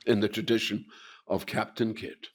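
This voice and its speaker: The older Scottish actor, a guest in an animated anecdotal interview, speaks on the low side with a level tone and a moderate pace. He curses freely and mimics the voices of the people in his tales.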